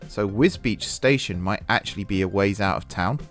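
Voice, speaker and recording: A man's voice: fairly low pitch, moderate pace, faint music behind. A man hosting a casual let's-play, chatting and thinking aloud while he builds, and poking fun at his own mistakes. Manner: self-deprecating about mistakes. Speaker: gaming channel host.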